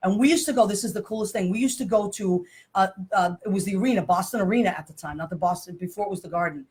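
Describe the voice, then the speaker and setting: A middle-aged woman hosting a casual chat show, telling stories in an animated, laughing way. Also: medium pitch, quick pace. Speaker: show host.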